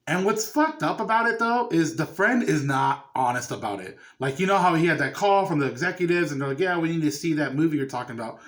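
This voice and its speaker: A man's voice: a little high, fairly bright tone. A man chatting loosely about a horror film he watched, swearing casually as he recaps it. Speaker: movie reviewer. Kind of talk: casual review chat.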